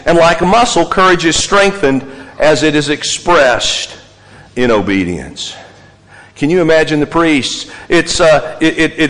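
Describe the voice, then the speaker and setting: Male pastor, slightly high voice, emphatic sermon delivery with repeated lists, reverberant hall sound. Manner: animated storytelling, repetitive emphatic lists.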